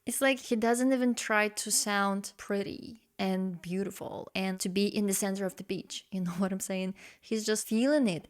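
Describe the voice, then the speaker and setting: Expressive woman in reaction commentary. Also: medium pitch. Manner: expressive, sings snippets to illustrate. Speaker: host reacting to a song.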